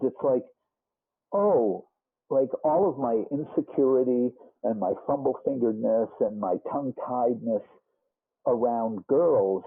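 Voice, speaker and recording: A husky, mid-range male voice belongs to a man in his sixties with a Boston accent. He's a musician guest in a casual interview, telling rambling stories full of restarts and asides. The audio sounds muffled, like it's coming through a phone.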